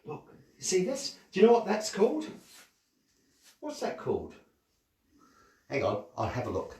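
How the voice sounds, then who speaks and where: Children's entertainer, male, playful and lively, raised voice, echoey room, distant mic. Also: sits high, unhurried. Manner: animated, playful, asks kids questions. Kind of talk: storytelling to children.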